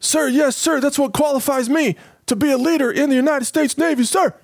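Brief: man playing a high-pitched, eager, clueless young sailor, crisp dry sound. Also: brisk, no echo. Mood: eager obedient. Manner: eager, parroting "sir". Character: dim young male sailor recruit, eager and obedient.

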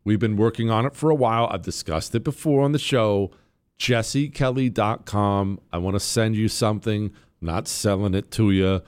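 A man's voice: lowish voice, fairly quick, hardly any pauses, a little mellow. A man hosting a talk radio show, delivering a brash, sarcastic monologue.

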